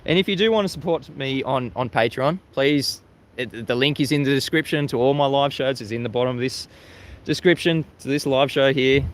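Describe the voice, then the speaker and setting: A mid-range male voice speaks briskly with an Australian accent. He hosts a relaxed livestream outdoors, facing the sea at sunrise, reading viewer chat, laughing a lot, and repeating words whenever he restarts a sentence.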